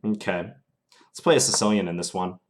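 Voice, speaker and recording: A young man narrates his own chess games live, thinking aloud in an easy, analytical way. His voice sits a little low, and he speaks as if recording at a desk microphone. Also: fairly quick, a little hiss or hum. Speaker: chess streamer.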